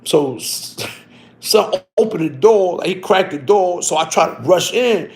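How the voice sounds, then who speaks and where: A man with a slightly higher voice tells a story from his own life in loose street slang. He keeps tagging his lines with "you heard" and trips over his words when he reads aloud from a book. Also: expressive, a little mellow. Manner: halting, self-correcting when reading text aloud.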